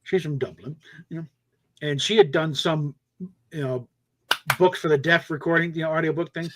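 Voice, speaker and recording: A man's voice: fairly high pitch, moderate pace, noisy background. Rambling man on a casual stream. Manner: rambling, many fillers and restarts. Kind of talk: casual chat.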